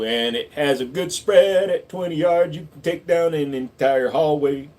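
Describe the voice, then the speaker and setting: A man's voice: on the high side, moderate pace, few pauses, darkish tone. Joking man answering chat on a stream. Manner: joking, offhand, reads viewer questions aloud. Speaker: livestream host answering chat. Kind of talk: casual livestream chat.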